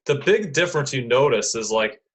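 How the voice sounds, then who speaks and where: A man's voice: mid-range voice, expressive, fairly quick, breathy edge. Easygoing young man telling stories. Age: young adult. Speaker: podcast guest. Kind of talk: casual chat.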